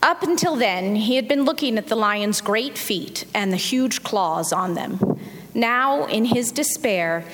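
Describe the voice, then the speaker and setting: Lively woman reading a storybook aloud. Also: a little high, a little slow. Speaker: congregation member reading aloud. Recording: long hall reverb.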